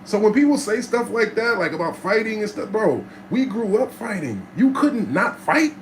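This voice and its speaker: Brief: streetwise male storyteller, casual cussing monologue, acts out voices, slightly high voice, faint noise behind. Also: moderate pace, low-quality recording. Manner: streetwise, animated storyteller who acts out voices and cusses freely. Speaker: host telling his life story.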